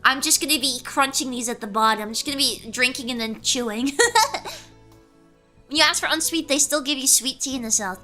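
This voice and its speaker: A young woman streamer with a squeaky voice, chatting casually and telling a rambling story, giggling and correcting herself often. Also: animated, fairly quick, sharp tone, soft background music.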